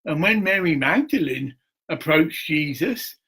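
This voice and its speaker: A middle-aged man talking in a rambling, crude monologue, swearing and laughing often, with a husky voice. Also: on the high side, lively intonation, a little slow, bright, forceful tone.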